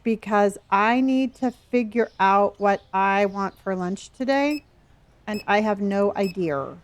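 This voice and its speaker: A woman's voice: mid-range voice, expressive, measured pace. A middle-aged woman streaming a game, chatting playfully with viewers and answering their chat messages.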